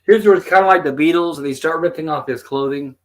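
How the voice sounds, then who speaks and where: A man's voice: a little high, fast talker. Man hosting a casual show. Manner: retells scenes, quoting the characters' lines. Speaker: host. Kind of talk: casual episode commentary.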